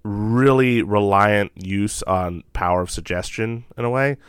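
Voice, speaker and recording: A man co-hosting a podcast, chatting about old films in a relaxed way. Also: lowish voice, a little slow, smooth, no echo, clean studio sound. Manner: relaxed, laughs easily. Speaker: podcast co-host. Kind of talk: casual film discussion.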